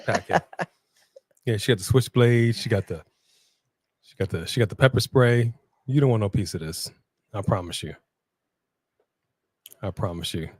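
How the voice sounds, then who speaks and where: A man co-hosting a live wrestling watch-along, chatting casually and breaking into shouts and laughter. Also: mid-range voice, moderate pace, pauses often, no room sound, clean studio sound. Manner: excitable, bursts into shouts and laughter. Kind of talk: casual live commentary chat.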